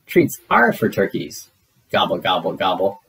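Guy doing a hopeful gobbling turkey, slow and bouncy, guitar playing underneath. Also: low voice, wildly swooping pitch, gravelly, a bit bright, slightly rough, voice pushed down, exaggerated voice. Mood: pleading. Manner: gobbling, sulky when refused. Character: hapless male turkey, eager and hopeful. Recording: guitar music behind.

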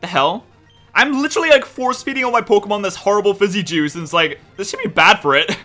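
A man hosting a gameplay commentary, excitable and exasperated, swearing often and pleading with the game. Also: high-pitched, quick pace, faint music behind. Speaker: let's play host.

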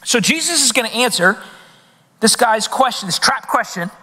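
A male pastor with a high voice preaches an animated sermon at a moderate pace, throwing rhetorical questions to the congregation. The recording carries the long reverb of a large hall.

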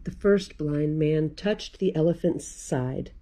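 A woman's voice: deep voice, slow pace, warm tone, a little hiss or hum. A woman librarian reading a picture book aloud to children, playful and laughing often.

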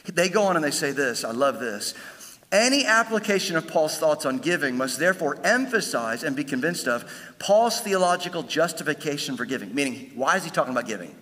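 A pastor delivers his sermon in a bright, ringing voice that carries through a reverberant church hall. He builds to emphatic peaks and drops low and quiet for asides. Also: animated, brisk. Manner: emphatic preaching, swells louder on key lines, drops low for asides.

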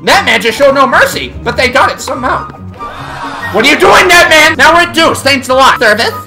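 A gaming channel host giving excited let's-play commentary and often yelling at the game. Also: high voice, a little fast. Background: game music.

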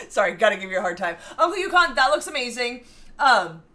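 A woman's voice: mid-range voice, expressive, moderate pace, pushed and bright. A woman co-hosting a home baking livestream, reading viewer comments aloud and laughing often as she chats. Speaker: cooking show co-host. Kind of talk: casual livestream chat.

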